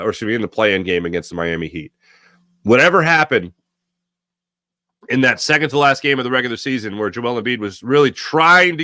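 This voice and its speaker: A man's voice: mid-range voice, sharp tone, no echo. A man hosting a sports talk show, rambling in a casual monologue and laughing often.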